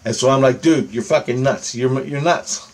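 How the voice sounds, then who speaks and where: A man's voice: mid-range voice, normal speed, a little mellow. Rambling, foul-mouthed man telling a dream. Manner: heavy cursing, rambling, repeats "right?" and "okay?". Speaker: vlogger. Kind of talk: casual monologue recounting a dream.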